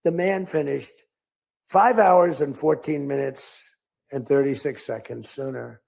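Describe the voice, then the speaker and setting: An older political speaker rambles off-script to a crowd, spinning stories and imitating quoted speakers in different voices. He talks a little slowly, in a mid-range voice that's creaky and a little mellow.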